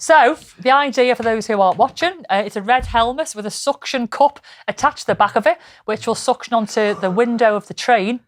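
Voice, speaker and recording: A woman's voice: a little high, fairly quick, few pauses. Chatty woman co-hosting a podcast. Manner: chatty, describes images for listeners. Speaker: podcast co-host. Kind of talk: casual comedic chat.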